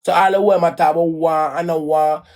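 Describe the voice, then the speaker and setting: A woman's voice: low voice, fairly even intonation, fairly quick, a little mellow. Blunt rambling Jamaican woman. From Caribbean. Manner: rambling and repetitive, restarts and repeats phrases; blunt, swears freely. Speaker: vlogger. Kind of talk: casual storytelling rant.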